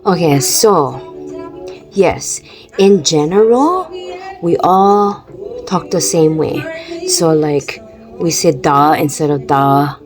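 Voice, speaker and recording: A woman's voice: sits low, sing-song, takes it slowly, long pauses, low-quality recording. A woman from Hawaii with a Hawaiian Pidgin accent, chatting casually to the camera, full of restarts and little laughs, with music playing behind. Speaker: vlogger. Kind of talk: casual explainer talk.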